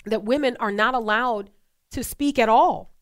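A woman's voice: on the high side, normal speed. A woman co-hosting a faith talk show, speaking with passion and repeating phrases for emphasis. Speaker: co-host.

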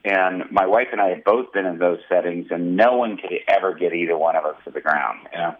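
A male pastor telling a personal testimony in an interview, animated and vivid. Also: deep voice, a little fast, phone-quality sound. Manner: animated storyteller, acting out quotes.

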